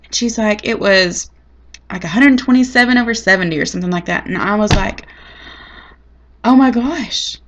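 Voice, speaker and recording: A woman's voice: medium pitch, brisk, muffled recording, background noise. A woman telling a personal story in a chatty, dramatic, folksy way. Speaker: vlogger. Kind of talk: casual storytelling to camera.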